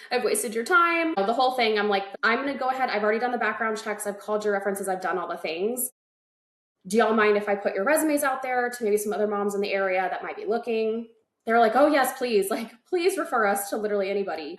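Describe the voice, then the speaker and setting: A woman, a guest founder telling her story in a casual interview, acting out the people she quotes. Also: mid-range voice. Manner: lively, animated retelling with quoted dialogue. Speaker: guest, nanny agency founder. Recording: roomy echo.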